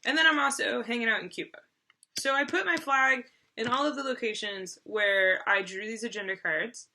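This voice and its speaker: A woman's voice: fairly high pitch, sharp tone, slight background noise. A woman co-hosting a board game video, casually explaining the rules with lots of fillers and restarts. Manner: chatty, loose with fillers and restarts.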